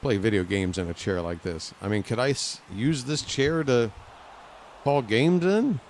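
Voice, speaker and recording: A man streaming live gameplay from a lounge chair at home, talking to the game and reacting loudly as he plays. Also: medium pitch, expressive, unhurried, slight background noise. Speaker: gaming streamer.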